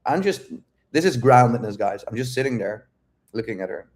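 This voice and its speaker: Dating coach guy chatting to his viewers, swears a lot, laid back, mid-pitch voice. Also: darkish tone. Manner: blunt, profane, unhurried. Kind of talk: casual storytelling to viewers.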